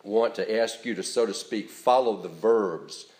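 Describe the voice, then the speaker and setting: A man preaching a sermon as pastor in a church, earnest and deliberate, stressing key words as he speaks. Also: on the low side, a little mellow, reverberant.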